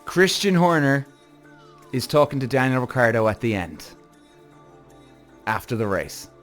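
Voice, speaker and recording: A man hosting a podcast, reacting to a TV show in an excitable way, swearing freely and jumping up and down in pitch. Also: measured pace, soft background music. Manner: excitable, profane, big pitch swings. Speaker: podcast host. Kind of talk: TV reaction commentary.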